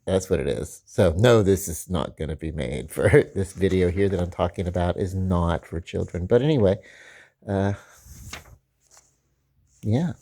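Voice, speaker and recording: A man's voice: low-pitched, expressive, a little slow, long pauses, mellow. A man with a Southern accent, rambling casually through a video, full of fillers and restarts. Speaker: comic book vlogger.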